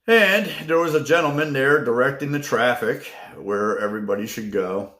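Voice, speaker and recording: A man hosting his own channel, telling a personal story in a slow, halting way with many fillers. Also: medium pitch, fairly bright tone, reverberant. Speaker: channel host. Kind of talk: casual storytelling vlog.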